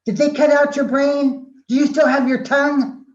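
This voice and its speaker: A woman voicing a loud, defiant young man who was once her student, speaking high and insistent. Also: flat delivery, moderate pace, natural voice. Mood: indignant. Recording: roomy, dull sound.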